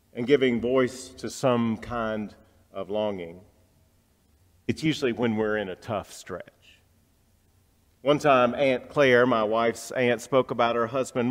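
A male pastor delivering a reflective, story-driven sermon, dropping soft for tender passages. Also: medium pitch, long reverb tail.

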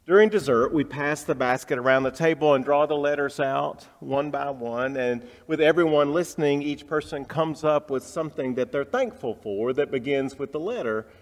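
A male pastor delivering a reflective, story-driven sermon, dropping soft for tender passages. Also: a little high, moderate pace, few pauses, big-room sound.

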